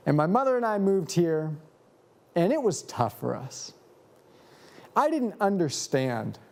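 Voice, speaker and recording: Storytelling is the mode here: a male pastor unfolds a tale within his sermon. He takes his time, his pitch stays animated, and he leans on dramatic pauses for effect.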